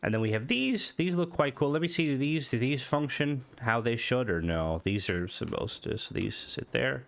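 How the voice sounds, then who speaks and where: A man's voice: medium pitch, expressive, moderate pace, creaky, hardly any pauses. A man with a nasal, stuffy voice from hay fever, thinking aloud as he comments on a game. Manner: rambling, thinking aloud with restarts. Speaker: gaming video host. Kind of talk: casual gameplay commentary.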